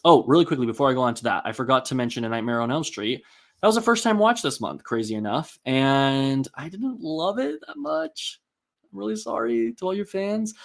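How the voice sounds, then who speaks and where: A man's voice: medium pitch, vocal fry. A man hosting a casual live-stream, rambling and chatty with many ums and likes as he reads out and answers viewer comments.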